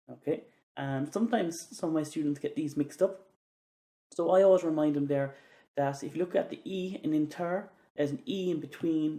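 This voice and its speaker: A man's voice: fairly high pitch, vocal fry, dark tone. A man teaching chemistry, walking through exam questions and repeating key words with frequent "okays". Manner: repeats key words for emphasis, many "okay"s. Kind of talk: exam walkthrough lesson.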